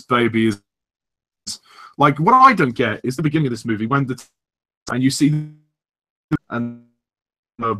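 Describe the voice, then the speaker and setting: A man's voice: medium pitch, sharp tone. A man co-hosting a casual movie chat, chiming in and laughing along. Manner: laughing, chiming in with quick agreement.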